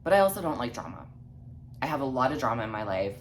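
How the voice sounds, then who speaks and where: Deep-voiced, snarky, swearing woman. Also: very animated, fast talker, slight background noise. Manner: snarky and heavily profane. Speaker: vlogger. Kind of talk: storytime vlog.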